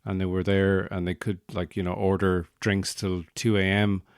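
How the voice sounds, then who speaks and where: Irish male podcast host, low voice, dry close sound, digressive comic storyteller. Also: little pitch movement, moderate pace, clean tone, dry recording. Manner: rambling, digressive, wry.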